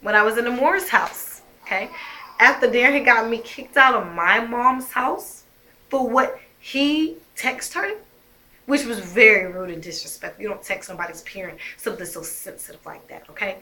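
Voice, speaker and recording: A woman's voice: a little high, normal speed, sharp tone. A young woman telling her own story as a mother, emphatic and heated, swearing often. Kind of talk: emotional personal storytelling.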